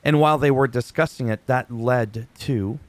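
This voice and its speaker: A man giving a casual, chatty wrestling recap, animated and quick to act out quoted lines. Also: mid-range voice, no room sound.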